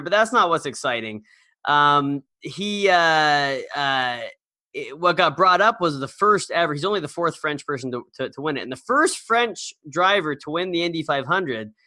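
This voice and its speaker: A man's voice: on the high side, sharp tone, no echo. A man co-hosting a podcast in casual chat, rambling and storytelling with lots of fillers and restarts. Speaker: podcast co-host.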